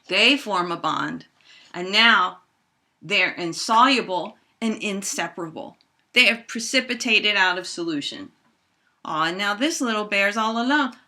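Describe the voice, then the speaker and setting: A middle-aged woman teaching a high school chemistry lesson, playfully acting out reactions with toy bears. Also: measured pace. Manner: animated, acts out toy bears in squeaky voices. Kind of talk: playful classroom lesson with toys.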